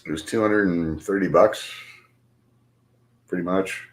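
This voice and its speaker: A middle-aged livestream host with a low voice rants casually and unhurriedly to his viewers, swearing constantly and laughing through his animated stories.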